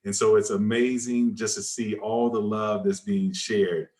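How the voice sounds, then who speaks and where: A man's voice: on the low side, level tone, measured pace, a little mellow, roomy sound. A man hosting an online book launch, easygoing and informal, often stumbling over and repeating his words. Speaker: event host.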